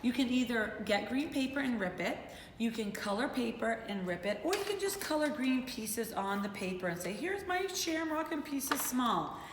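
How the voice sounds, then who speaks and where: A middle-aged woman teaching young children a remote lesson from home, in an animated, encouraging sing-song manner. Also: on the high side, normal speed, background noise. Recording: roomy echo with faint ambience.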